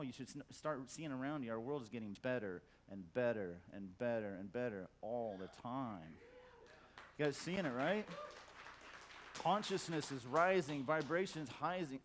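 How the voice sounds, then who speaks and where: A middle-aged man giving a profane conference talk, blunt and emphatic, stacking repeated words for effect. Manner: acts out quoted voices in a loud high squawk. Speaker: conference speaker. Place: conference hall.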